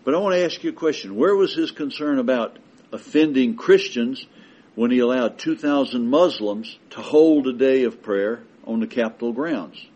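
A man preaching a sermon with emphatic delivery that builds to forceful declarations. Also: mid-range voice, animated, moderate pace, low-quality recording.

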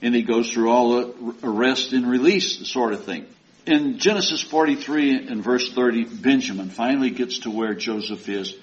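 Male preacher, folksy sermon storytelling, conversational, medium pitch, dull lo-fi recording. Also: normal speed.

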